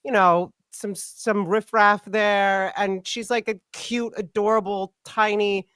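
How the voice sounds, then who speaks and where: A chatty woman hosting a live stream, teasing her guest and rushing through stories. Her voice is smooth and clear, and the sound is dry and close. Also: medium pitch, fairly even intonation, fairly bright tone, dry recording. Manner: chatty, teasing, fast storytelling. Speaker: host. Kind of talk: casual chat on a live stream.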